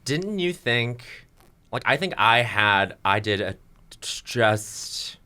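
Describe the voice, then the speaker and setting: A man in his thirties as a podcast guest, chatting casually in a rambling, self-deprecating way with halting restarts. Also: mid-range voice, expressive, pushed and bright. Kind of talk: casual chat.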